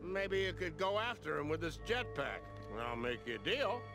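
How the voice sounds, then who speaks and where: Pushy game salesman, high bouncy voice, music loud behind. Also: sing-song, moderate pace. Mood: pitch-selling. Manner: smooth, wheedling sales pitch. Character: pushy male salesman hawking a speeder and jetpack. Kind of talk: video game cutscene dialogue.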